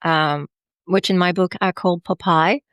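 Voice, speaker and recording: Low-voiced woman with a French accent. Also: steady tone, measured pace, fairly bright tone, clear, resonant tone, dry recording. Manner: hesitant, many fillers and restarts. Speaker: life coach guest. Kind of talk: casual podcast chat.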